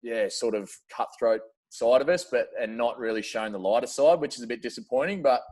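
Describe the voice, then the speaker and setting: A man's voice: mid-range voice, a little fast, darkish tone. An Australian man chatting casually as a podcast guest, laid-back and slangy, laughing often. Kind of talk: casual chat.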